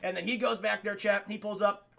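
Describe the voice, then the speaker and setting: A young man streaming, retelling a film to his chat in a loose, animated way and swearing often. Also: sits high, a little fast, vocal fry. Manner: animated, profane, addresses chat. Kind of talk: casual livestream movie retelling.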